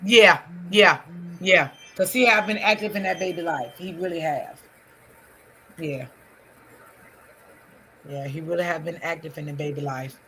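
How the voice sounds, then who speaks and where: A woman with a bright, clear-toned voice hosts a casual livestream. She talks to her chat in a loose, repetitive way, circling back over the same points. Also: sits low, unhurried, pauses often, a little hiss or hum. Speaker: livestream host.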